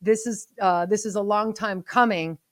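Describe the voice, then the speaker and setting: A middle-aged woman chatting as a podcast guest, telling stories in an animated way and acting out what others said. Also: medium pitch, normal speed, no room sound, studio quality. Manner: chatty storyteller, animated quoting. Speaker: podcast guest, mother of the groom. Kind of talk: casual chat.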